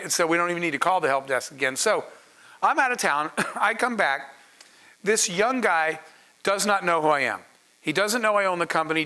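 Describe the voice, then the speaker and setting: A middle-aged man giving a business masterclass, telling anecdotes and acting out the dialogue in a lively way. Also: high voice, rough recording. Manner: animated, acts out dialogue in anecdotes. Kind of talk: storytelling business talk.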